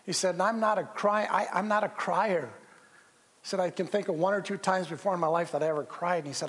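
A man preaching a sermon as pastor, earnest and storytelling with pauses and restarts. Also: high-pitched, steady tone, a bit bright. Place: church sanctuary. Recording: long reverb of a church hall.

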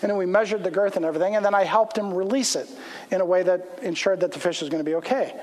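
A man's voice: high voice, fast. A man, a pastor, telling a casual anecdote as part of a sermon in a church. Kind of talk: storytelling sermon. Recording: long hall reverb.

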